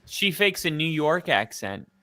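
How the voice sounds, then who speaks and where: A man's voice: a little high, big pitch swings, a little slow, bright, forceful tone. A man co-hosting a football live stream in casual chat, rambling with lots of fillers.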